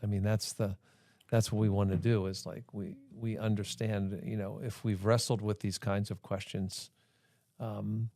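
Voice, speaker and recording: Guy hosting a christian podcast, gravelly voice, says "you know" constantly, dry recording. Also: lowish voice, little pitch movement, unhurried, warm tone, dry recording. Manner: fills speech with "you know" and "like". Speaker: podcast host. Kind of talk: casual podcast discussion.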